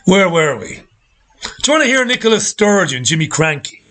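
A man's voice: sits high, very animated, normal speed, fairly bright tone. A middle-aged man hosting a talk show, ranting with sarcastic indignation. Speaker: host. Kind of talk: ranting commentary.

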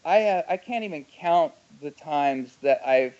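A man being interviewed as a guest, talking earnestly and emphatically, with his loudness swinging up and down. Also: fairly high pitch, animated, a little slow, dull audio.

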